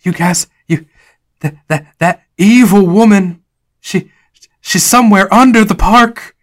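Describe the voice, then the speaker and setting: A man voicing a nervous theme park worker who whines and rushes his words. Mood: urgent, nervous. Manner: high, whining, anxious. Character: panicky park docent, whiny man.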